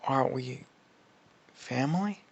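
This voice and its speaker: A man's voice: medium pitch, unhurried, creaky, husky, highs cut off. A man voicing a confused, frightened young boy hero who curses as he panics. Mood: panicked.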